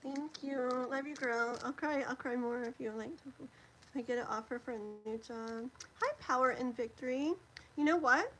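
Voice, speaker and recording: Middle-aged woman, tarot streamer, higher pitch, chatty and rambling, faint background hiss. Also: normal speed, fairly bright tone, poor audio. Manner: chatty, rambling, many fillers. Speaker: live-stream tarot reader. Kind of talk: casual live-stream chat.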